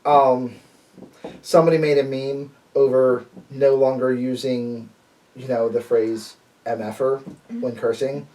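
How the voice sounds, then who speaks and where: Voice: medium pitch, flat delivery, a little slow, darkish tone, far from the mic. A co-host of a casual gaming chat, dry and matter-of-fact.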